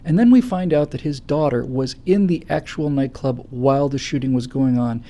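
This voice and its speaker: A man hosting a political talk show, giving impassioned commentary with stammering restarts that build to loud, forceful stretches. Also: medium pitch, moderate pace. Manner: forceful, stammering restarts, rising to near-shouting. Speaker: show host.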